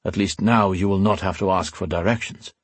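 Guy reading as tired old lord, deep and grave, husky low voice, kinda growly. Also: steady tone, no room sound. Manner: grave, measured, sometimes growling. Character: weary powerful old male ruler.

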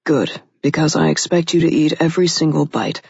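A woman's voice: deep voice, a little fast, creaky, a little mellow, breathy edge, dry recording, exaggerated voice. A woman narrator voicing a brash, commanding male cop who talks bluntly and crudely. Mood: gruff, teasing. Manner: blunt, profane, bossy. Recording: dull lo-fi recording.

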